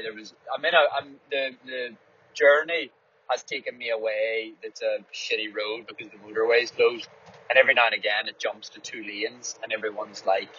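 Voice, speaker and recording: Behind the wheel of a small car, a male runner and podcast host gives a casual, rambling, candid monologue full of swearing. His mid-range voice sounds pushed and bright, over dull audio with faint road noise.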